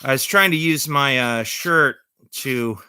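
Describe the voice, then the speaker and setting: Man, slow and bright, rambling casual vlog host, dry close sound. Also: medium pitch, clear, resonant tone, no echo. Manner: rambling, halting, many fillers; corny jokey delivery. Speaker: vlogger showing magic tricks.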